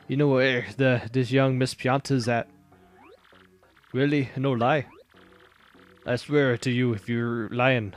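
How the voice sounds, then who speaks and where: A man voicing a gruff male mob henchman with a mock Chicago gangster accent, talking tough and drawn out. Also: medium pitch, close to an everyday voice. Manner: tough-guy gangster talk, slow and drawn out.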